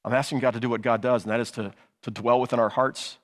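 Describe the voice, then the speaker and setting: A middle-aged man preaching a sermon, his words tumbling out quickly and casually, full of restarts and little asides. His voice rings out in a hall with a long echo. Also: mid-range voice, fairly even intonation. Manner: conversational preaching with frequent restarts and "you know". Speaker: pastor.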